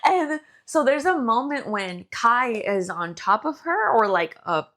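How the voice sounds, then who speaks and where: A woman co-hosting a podcast, casually recapping a book in animated detail, acting out the characters' lines and laughing often. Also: on the high side, unhurried. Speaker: podcast co-host.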